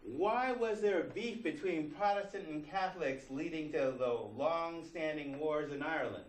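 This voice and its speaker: A man with a fairly high voice teaches a college class at normal speed, his lecture conversational and packed with rhetorical questions. It was recorded from afar in a roomy classroom, with slight background noise.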